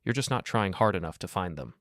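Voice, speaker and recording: A man with a deep voice reading the lines of a cold, curt father in a storybook narration. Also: animated, fast talker, fairly bright tone, dry recording, clean studio sound. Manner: curt, matter-of-fact. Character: cold dismissive middle-aged father.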